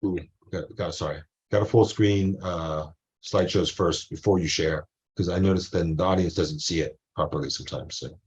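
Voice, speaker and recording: A man's voice: deep voice, fairly even intonation, normal speed, poor audio. A male college professor giving a casual online lecture, rambling into asides and acting out quotes.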